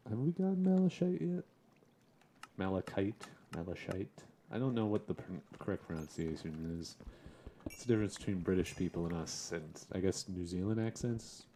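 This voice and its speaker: A man's voice: fairly low pitch, expressive, a little fast, dark tone, slight background noise. A young man casually commenting on his game as he plays, chatting and chuckling in a laid-back way. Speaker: gaming streamer. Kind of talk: casual Let's Play commentary.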